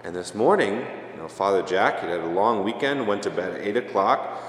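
Young male priest, low voice, casual self-deprecating storyteller, long church reverb. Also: lively intonation, fairly quick. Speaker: parish priest. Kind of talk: storytelling homily.

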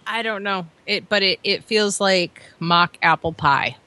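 A woman co-hosting a casual podcast, chiming in with quick reactions and laughter. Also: mid-range voice, bright, forceful tone, no echo. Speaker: podcast co-host.

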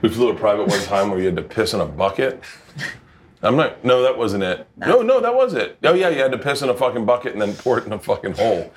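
A man's voice: lowish voice, fast, slight background noise. A man hosting a cooking show, telling comic stories while he cooks, swearing and acting out what people said. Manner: animated, swearing, acts out dialogue.

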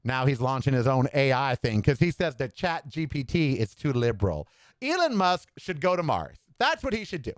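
A man's voice: medium pitch, very animated, moderate pace, dry recording, studio quality. A man hosting his own podcast, delivering sassy, campy political commentary and calling listeners "honey.". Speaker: podcast host. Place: Southwest US home studio.

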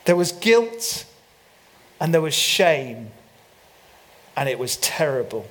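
A man's voice: fairly high pitch, very animated, takes it slowly, a bit bright. A man preaching a sermon, telling a story with playful humor and mock French asides. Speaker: pastor. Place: church.

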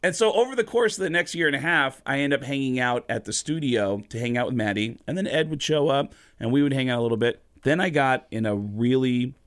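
Comedian guest, male, animated storyteller, dry close sound. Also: fairly quick, hardly any pauses, no echo. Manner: animated, jumps into high excited voices when quoting people. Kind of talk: casual storytelling.

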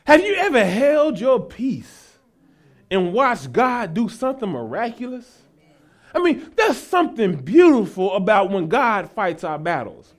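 Male pastor, very high voice, folksy sermon building to shouts. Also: big pitch swings, measured pace. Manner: builds from casual asides to shouted preaching; folksy, talks to the congregation as y'all.

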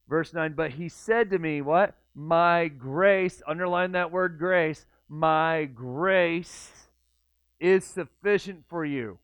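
A man's voice: on the high side, takes it slowly, clear, resonant tone, no room sound. A man preaching a sermon in a conversational way, acting out the inner voices of his listeners. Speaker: pastor. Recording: tinny phone-like dry sound.

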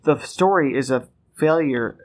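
A man's voice: medium pitch, unhurried. A man guest-hosting a podcast, reading an article, tripping over words and laughing. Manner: stumbles over words, laughs mid-sentence. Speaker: guest host. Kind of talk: casual podcast banter.

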